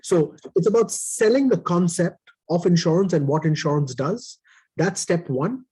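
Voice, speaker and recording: A man's voice: high voice, moderate pace, dark tone, slightly rough, poor audio. A man on a panel coaching salespeople, laying out his advice point by point. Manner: instructive, lays out points in numbered steps. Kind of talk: coaching talk.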